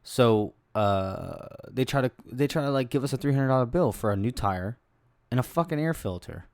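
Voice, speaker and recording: A man's voice: medium pitch, lively intonation, moderate pace, dry recording, clean studio sound. A young adult man hosting a podcast, rambling through stories in a loose, profane, casual way. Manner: rambling, profane, laid-back storytelling. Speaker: podcast host. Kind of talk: casual solo podcast chat.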